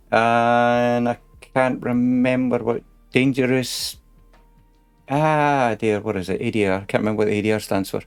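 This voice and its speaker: A man casually commenting while he plays a truck game on a stream, chatty and muttering to himself. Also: mid-range voice.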